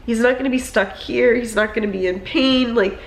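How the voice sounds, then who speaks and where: A woman's voice: fairly high pitch, a little fast, echoey room. A young woman talking in a rambling, emotional way, filling her speech with "like" and "um", in a personal vlog. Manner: emotional, rambling, many fillers. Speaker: vlogger.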